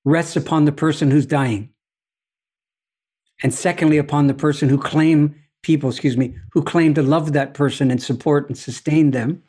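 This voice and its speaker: Man, podcast guest, slow and philosophical, fairly high voice, storyteller. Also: steady tone, warm tone, slightly rough. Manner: deliberate, philosophical, often asks "you see?". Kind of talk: reflective conversational storytelling.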